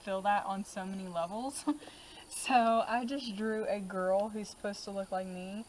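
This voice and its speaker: A woman's voice: medium pitch, steady tone, unhurried, a little mellow, slight background noise, rough recording. A woman vlogger chatting casually about her journal pages, with lots of "um" and "like" as she talks. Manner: chatty, many fillers like "um" and "like". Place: outdoors.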